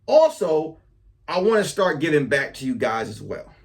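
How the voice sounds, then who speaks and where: Male podcast host, comic monologue, high and lively delivery, swears freely. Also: normal speed. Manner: animated storytelling, profane, riffs on a crew member. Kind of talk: casual comedic monologue.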